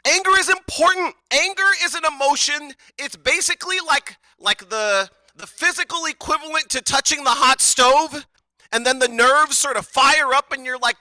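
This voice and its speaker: A woman's voice: high voice, measured pace, pushed and bright, no room sound. A woman preaching a sermon in a casual, conversational way, with joking asides and filler words.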